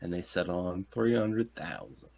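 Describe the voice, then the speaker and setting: A man's voice: deep voice, normal speed, creaky, a little mellow. A man co-hosting a podcast, recapping a film's plot in casual, sardonic fragments. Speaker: podcast co-host. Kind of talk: casual movie review chat.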